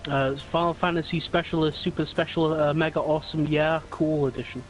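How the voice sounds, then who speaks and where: A man on the higher side of the male range trades jokes with friends on a game stream, teasing and cursing casually. There is a faint hiss behind his voice. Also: flat delivery, a little fast. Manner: joking, teasing, swears. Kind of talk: casual joking chat.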